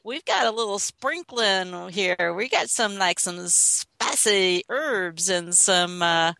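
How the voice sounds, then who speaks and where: A woman's voice: mid-range voice, expressive, slow, vocal fry, pushed and bright, no room sound. A woman co-hosting a podcast, talking in a chatty, easy way and laughing often. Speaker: podcast co-host. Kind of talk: casual chat with a co-host.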